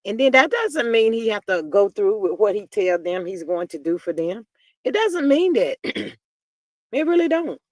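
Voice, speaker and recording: Chatty, sassy livestream host; middle pitch; dry, close, unroomy sound. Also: big pitch swings, no room sound. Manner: chatty, sassy, reads viewer comments aloud; peppers talk with "child" and drawn-out "mm, mm". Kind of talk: casual gossip commentary on a livestream.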